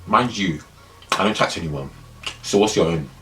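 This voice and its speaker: A young man telling a story in a casual, animated way, repeating phrases for emphasis. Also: low-pitched, moderate pace.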